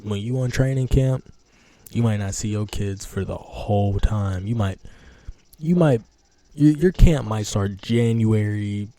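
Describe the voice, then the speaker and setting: Slangy young man with a dark low voice. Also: measured pace, no room sound. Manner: loose slangy talk, trails off and restarts. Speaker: reaction streamer. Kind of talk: casual reaction commentary.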